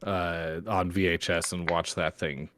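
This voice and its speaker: A young man co-hosting a podcast with an easygoing, joking manner and ready laughter. His voice is very low. The recording is close and dry, with no room sound. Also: flat delivery, a little slow, fairly bright tone, no echo. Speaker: podcast co-host. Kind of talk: casual chat.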